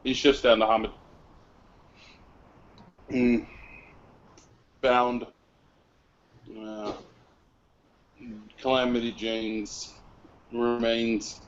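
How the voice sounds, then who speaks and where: A man's voice: mid-range voice, level tone, drawn-out words, long pauses. A man playing a tabletop game, talking casually and hesitantly, heard on a dull lo-fi recording. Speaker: player. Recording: dull lo-fi recording, faint room noise.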